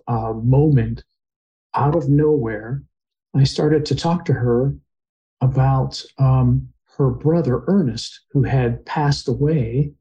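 A man's voice: mid-range voice, dark tone, poor audio. A man, a podcast guest, earnestly retelling a personal experience in conversation, sometimes getting emotional.

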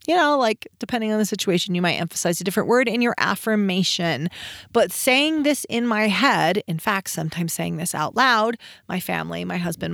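A woman's voice: medium pitch, dry recording, clean studio sound. A middle-aged woman hosting her own podcast, talking casually and upbeat as she shares parenting affirmations. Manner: upbeat, conversational, with self-help affirmations. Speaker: podcast host. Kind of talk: casual solo podcast talk.

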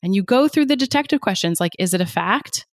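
A woman guest on a podcast, a pain psychologist explaining ideas in an energetic, emphatic way with lots of rhetorical questions. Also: medium pitch, a little fast, no room sound, studio quality.

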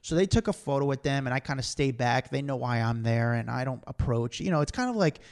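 A podcast host with a medium-pitched, darkish voice talks quickly and animatedly, telling rambling stories packed with fillers in casual chat.

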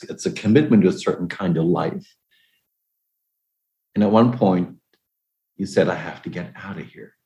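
A host with a low, darkish voice conducts an interview, asking curious, searching questions and sharing memories of his own. The sound is reverberant.

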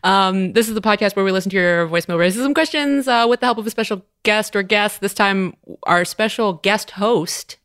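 A woman's voice: medium pitch, fairly quick, hardly any pauses, fairly bright tone. Chatty laughing woman podcast host. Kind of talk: casual podcast chat.

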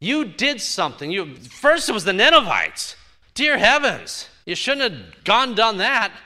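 An indignant, stubborn prophet, as a preacher acts him out, pushing his voice higher and louder as he digs in. He repeats himself again and again, defiant and sure he is right. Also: wildly swooping pitch, takes it slowly, full character voice.

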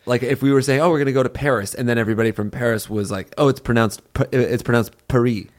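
Deadpan man with dry humor. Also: mid-range voice, racing. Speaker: podcast co-host. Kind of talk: casual comedic chat.

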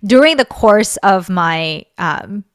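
A woman's voice: mid-range voice, lively intonation, takes it slowly, no echo. Woman in her thirties, dry close mic. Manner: thoughtful, then laughing and teasing. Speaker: ministry director. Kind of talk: casual podcast conversation.

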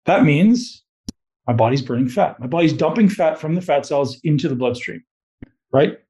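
A man's voice: a little high, a little mellow. Blunt, profane man coaching a group. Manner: blunt, profane, motivational, asks the room questions. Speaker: host giving a talk on fat loss. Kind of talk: live coaching talk to a group.

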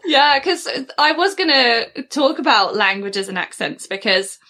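An English woman hosts a relaxed interview chat. She talks freely and keeps the conversation moving with animated asides. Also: on the high side, unhurried. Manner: chatty, laughs along, animated asides. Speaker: podcast host.

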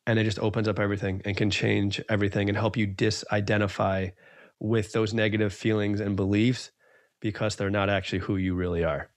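A man's voice: fairly low pitch, little pitch movement, fairly quick, no echo. A man hosting a podcast, talking in an earnest, emphatic way and circling back over his points. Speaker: podcast host. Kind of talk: casual podcast conversation.

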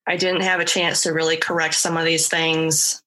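Bright, husky-voiced woman podcast host. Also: low-pitched, flat delivery, moderate pace. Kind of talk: casual podcast chat.

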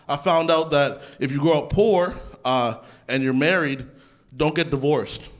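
A young adult man from Canada doing a stand-up comedy set in a theatre, talking conversationally with deadpan punchlines and casual asides. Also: a little high, a little slow. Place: theatre stage before a laughing audience. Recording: live theatre set with crowd laughter. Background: audience laughter.

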